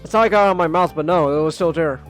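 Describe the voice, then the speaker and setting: A man's voice: fairly high pitch, rapid-fire, faint music behind. A man streaming a visual novel, reading the narration aloud and chatting casually, repeating himself as he goes. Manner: rambling and animated, repeats words.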